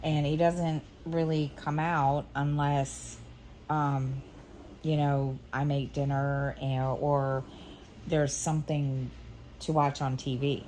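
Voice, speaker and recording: Middle-aged woman vlogger, low and unhurried, rambles with restarts over faint background hum. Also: level tone, a little mellow. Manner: rambling and hesitant, many restarts. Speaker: stitching vlogger. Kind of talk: casual chat.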